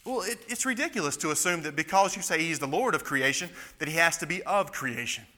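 A man preaching an expository sermon with a tense, hard-driving voice set a little high. He grows emphatic and fervent as he presses his points. The sound rings with the long reverb of a large church hall. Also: expressive, brisk, pushed and bright.

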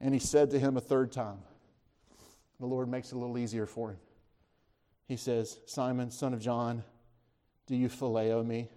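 A man preaching a sermon, retelling scripture as a story, asking his listeners questions and lifting his voice when he speaks the disciples' lines. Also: moderate pace. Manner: animated storytelling, voices the disciples' words with rising pitch; conversational, asks the listeners questions.

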